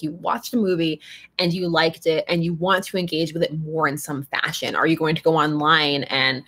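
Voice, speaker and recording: A woman's voice: low voice, fairly bright tone. A woman hosting a casual live stream, chatty and rambling, laughing often as she answers viewers. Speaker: fandom channel host.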